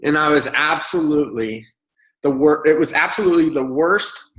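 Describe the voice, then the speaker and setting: A man speaking as a guest, telling stories in a casual, animated way and acting out other people's lines. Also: fairly high pitch, moderate pace. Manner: animated, acts out quoted voices. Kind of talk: casual storytelling. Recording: roomy echo.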